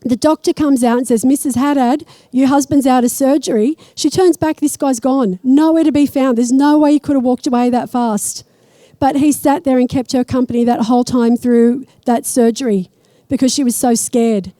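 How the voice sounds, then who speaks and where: A woman giving a live spiritual talk to an audience, chatty and storytelling, slowing down when she speaks of God. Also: high-pitched, fairly even intonation, dark tone, poor audio. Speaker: spiritual teacher.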